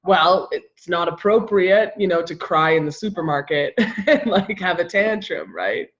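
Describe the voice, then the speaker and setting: A woman's voice: lowish voice, animated, unhurried. Easygoing woman host, slightly dull recording. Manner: conversational, affirming with frequent "yeah". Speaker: interview host. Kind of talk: casual conversation.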